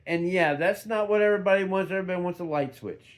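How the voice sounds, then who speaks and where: A man's voice: sits high, quick pace. Rambling, profane middle-aged man vlogging. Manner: rambling, profane, with frequent restarts. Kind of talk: unscripted casual monologue.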